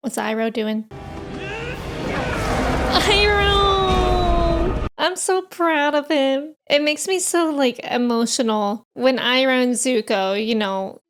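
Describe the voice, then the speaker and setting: A woman hosting a reaction video, giving expressive commentary, gushing as a fan who is quick to outrage and tears. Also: a little high, clear, resonant tone, faint music behind. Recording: show audio playing under her voice.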